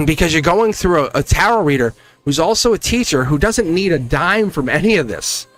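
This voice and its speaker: A man giving a live-stream tarot reading, emphatic and animated, laughing often and slipping into a scolding teacher tone. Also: on the high side, moderate pace, faint music behind. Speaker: tarot reader.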